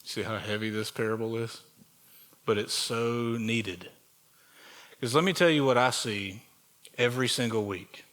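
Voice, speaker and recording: A pastor with a Southern US accent preaching in a church sanctuary. His voice is bright and forceful, at a middle pitch for a man. He keeps it conversational and asks the congregation questions. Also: a little slow, long pauses. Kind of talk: sermon.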